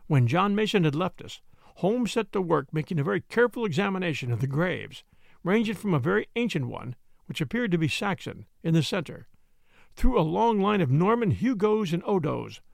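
Man narrating a story, expressive, dramatic, high lively voice, gravelly, dry close sound. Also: fairly quick, no room sound. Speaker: audiobook narrator. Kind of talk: scripted narration of a classic detective story.

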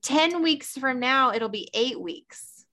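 A woman's voice: sits high, expressive, slow pace, bright, forceful tone. A woman co-hosting a podcast, bantering and teasing with giggly humor. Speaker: podcast co-host. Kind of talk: casual chat.

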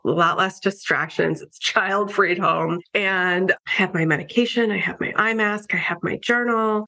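A woman's voice: medium pitch, sharp tone. A middle-aged woman, a podcast guest, candidly telling a personal story in a conversational way, full of "like" and "you know" and acting out her own inner voice.

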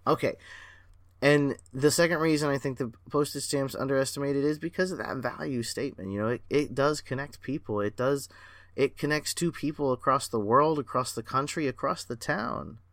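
A man hosting a solo podcast as a performance coach, excitable and rambling, talking in a self-aware way. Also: medium pitch, brisk, no room sound.

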